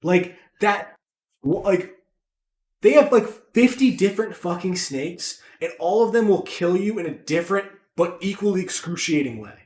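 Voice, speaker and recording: A man co-hosting a podcast, chatting casually with animated, profane rambling jokes. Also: high-pitched, moderate pace, roomy sound. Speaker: podcast co-host. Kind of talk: casual chat.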